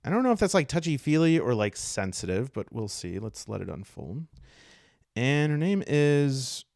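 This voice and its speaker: A man's voice: medium pitch, sing-song, normal speed, vocal fry, darkish tone, no echo, clean studio sound. A man hosting and narrating his solo tabletop game in chatty, self-correcting talk to his viewers. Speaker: solo game player and host.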